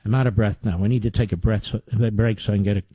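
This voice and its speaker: A man's voice: on the low side, fairly even intonation, very fast, slightly rough, no echo, muffled recording. A man hosting a talk radio show, delivering a combative, sarcastic monologue into a studio mic.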